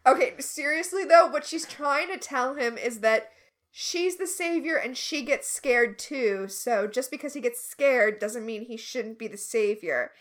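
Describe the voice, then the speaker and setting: A woman's voice: on the high side, unhurried. A woman co-hosting a podcast, recapping a TV episode in casual, sarcastic chat and acting out the characters. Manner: sarcastic, animated, acts out characters in quotes. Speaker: podcast co-host.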